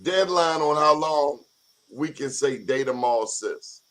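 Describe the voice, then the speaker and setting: A man co-hosting a casual talk show, pitched a little higher than most men. He jokes and teases his way through the chat in an easygoing, conversational manner. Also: animated, slow, fairly bright tone. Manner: joking, teasing.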